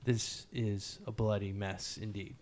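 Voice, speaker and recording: A man with a fairly low voice reads a poem aloud. He takes it slowly, giving each line a measured weight. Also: level tone, darkish tone, a little hiss or hum. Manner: slow, measured reading. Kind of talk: poetry reading.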